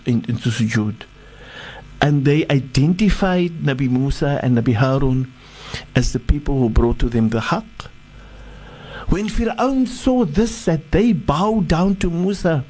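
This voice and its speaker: Mellow-voiced man telling a sermon story. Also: a little high, rough recording. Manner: halting, repeats words while searching. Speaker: sheikh.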